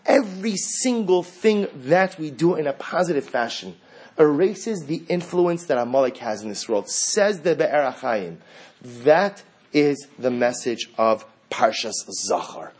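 A man giving a sermon as a rabbi. He reads religious sources and then explains them in English, and he rises sharply in pitch and volume when he acts out quotes. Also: sing-song, a little slow, darkish tone, slightly rough. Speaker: rabbi teaching Torah.

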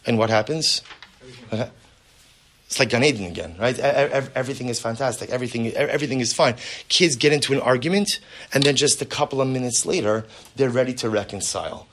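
A man's voice: mid-range voice, a bit bright. Earnest man lecturing with rhetorical questions. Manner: earnest, with many rhetorical questions and repeated words. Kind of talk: spoken lecture.

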